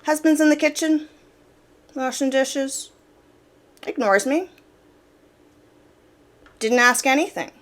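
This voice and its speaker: A woman's voice: sits high, takes it slowly, pauses often. A woman hosting an opinion commentary, explaining her points in a direct, casual way and stressing them by repeating words. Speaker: commentary channel host.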